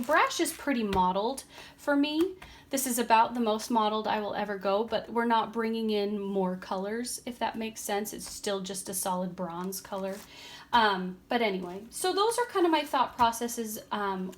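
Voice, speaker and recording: A woman vlogger giving a casual, chatty craft tutorial at home, relaxed, with frequent ums and a tired, yawning edge. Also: on the high side, slight background noise. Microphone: camera on a tripod.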